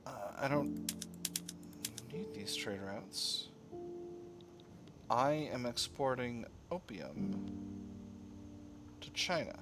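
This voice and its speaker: A man's voice: medium pitch, lively intonation, very slow, pauses often, over music. A man hosting a gaming channel, musing and rambling with fillers as he comments on a strategy game.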